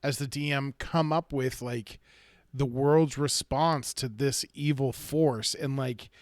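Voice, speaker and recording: A man at an average pitch talks slowly and hesitantly, often restarting his sentences. His voice sounds close and dry, with no room around it. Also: steady tone, dry recording. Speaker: podcast co-host, dungeon master. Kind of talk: casual chat.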